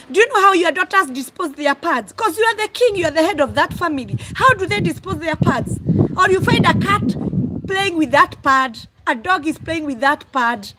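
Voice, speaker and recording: A Kenyan woman hosting a casual live stream, talking loudly and exclaiming as she answers her viewers. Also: extremely high pitch, poor audio. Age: adult, mother of school-age children. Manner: loud, exclaiming, calls herself a screamer.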